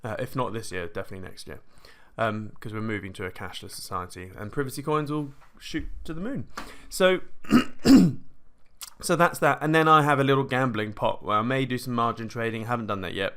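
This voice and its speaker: A British man hosting a casual live screen-share tutorial on crypto trading, rambling and chatty, often correcting himself mid-sentence and clearing his throat. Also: medium pitch, a little fast, fairly bright tone.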